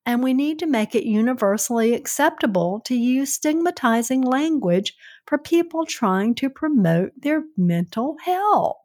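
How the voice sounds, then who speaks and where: Southern woman, podcast co-host and mother, unhurried speech, slightly high voice, earnest and reflective. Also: lively intonation, darkish tone. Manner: earnest, reflective, laughs easily. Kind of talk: casual podcast chat.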